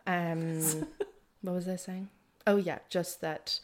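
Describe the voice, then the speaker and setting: A woman's voice: lowish voice, little pitch movement, takes it slowly. A young Irish woman in her twenties, a guest chatting casually, laughing often and using plenty of fillers. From Ireland. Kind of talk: casual chat. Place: room by a window with trains passing. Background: passing train.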